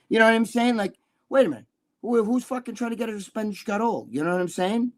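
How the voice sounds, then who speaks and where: A man's voice: high-pitched, animated, brisk, a bit bright. An older man chatting as a guest, rambling and profane with many restarts. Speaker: guest, bodybuilding columnist. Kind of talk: casual live chat.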